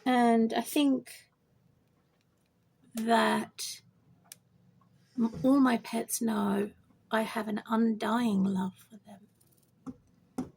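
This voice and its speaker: A woman's voice: level tone, extremely slow, creaky, pauses often, darkish tone, husky. A woman rambling to camera about her pet bird, repeating herself and turning to talk straight to the bird. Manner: rambling, repetitive, talks to her bird in a high sing-song. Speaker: pet owner vlogger.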